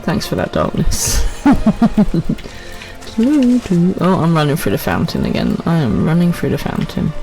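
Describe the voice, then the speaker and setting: A woman chats casually with her viewers as she plays a game on stream. She talks in quick, friendly asides. Soft game music runs faintly in the background. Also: low-pitched, huge pitch swings, vocal fry, rough recording. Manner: chatty, quick asides with laughs. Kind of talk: casual live-stream chat.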